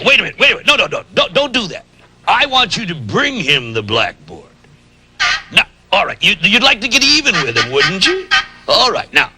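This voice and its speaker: A man's voice: high-pitched, creaky, heavily acted. A man playing a sly, blustery old schemer on a children's TV show, sputtering as he talks. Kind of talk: children's TV comedy.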